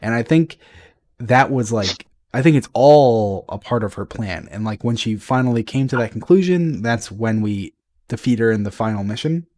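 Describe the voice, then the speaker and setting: A man's voice: mid-range voice, moderate pace, no echo. A man co-hosting a casual podcast about a video game's lore, talking in loose, rambling chat with lots of restarts. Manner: rambling, many restarts, excitable swearing when animated. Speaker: podcast co-host.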